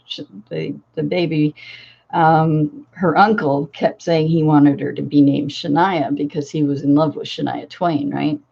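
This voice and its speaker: Older woman, low voice, rambling storyteller. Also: gravelly, a little mellow, lo-fi sound. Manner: rambling, full of fillers and restarts. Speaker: crafting channel host. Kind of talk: casual storytelling.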